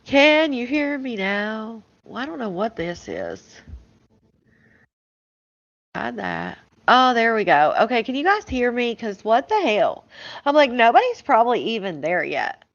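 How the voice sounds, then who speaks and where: A woman's voice: a little high, very animated, measured pace, dry recording. Swearing woman streamer, dull dry sound. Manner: frank, swears freely, laughs often. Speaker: live stream host. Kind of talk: casual live stream chat.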